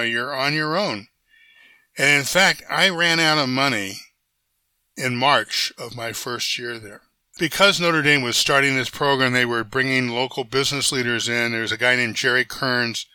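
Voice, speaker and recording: Older man with a very bright voice. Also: mid-range voice, smooth, no room sound. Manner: animated anecdote-teller who acts out quoted voices; frequent restarts and self-corrections. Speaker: interview guest. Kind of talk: conversational storytelling.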